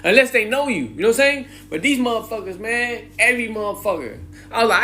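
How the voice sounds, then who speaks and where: Animated slangy man telling a story. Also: quick pace, slight background noise. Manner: animated, slangy, swearing, mimics high-pitched greetings. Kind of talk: casual storytelling monologue.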